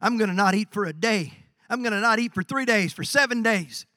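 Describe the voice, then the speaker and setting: A man preaching a sermon as pastor, animated, acting out quoted voices and swinging from quiet lines to shouts. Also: high-pitched, a little fast, no room sound, studio quality. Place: church.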